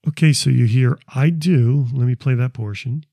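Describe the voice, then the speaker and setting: In casual explanatory talk, a man who investigates the paranormal goes through his recordings, rambling and repeating words as he restarts sentences. His medium-pitched voice is creaky and dark in tone at normal speed, in a dry, studio-quality recording.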